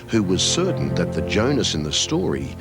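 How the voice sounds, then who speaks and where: A man giving scripted documentary narration in a measured, solemn manner. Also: deep voice, wildly swooping pitch. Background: background music.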